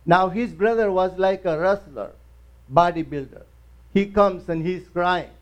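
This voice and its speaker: A man's voice: sits high, a little slow. A male pastor preaching in church, telling a story with acted quotes and emphatic rises. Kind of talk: sermon.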